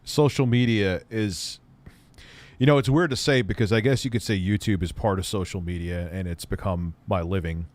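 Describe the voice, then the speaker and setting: A man's voice: lowish voice, normal speed, a little mellow. A man hosting a casual livestream, rambling and wry, swearing now and then. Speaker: livestream host reacting to an old news clip.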